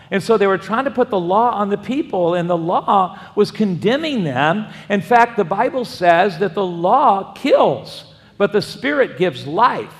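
A man's voice: sits high, big pitch swings, unhurried. A man, a pastor, preaching a sermon and wandering into folksy personal stories with frequent restarts. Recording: long hall reverb.

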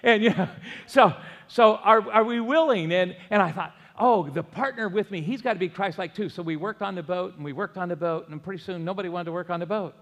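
A middle-aged man preaches in a church sanctuary. His voice sits high, and he tells stories in an animated way, calling on the congregation to repeat after him. A long hall reverb trails behind every phrase. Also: a little fast. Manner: animated storytelling with audience call-and-response. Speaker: pastor. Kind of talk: sermon.

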